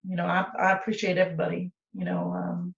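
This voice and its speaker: A woman co-hosting a podcast in casual chat, profane and animated, often breaking into laughter. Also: fairly low pitch, fast talker, creaky. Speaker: podcast co-host. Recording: roomy, distant, dull sound.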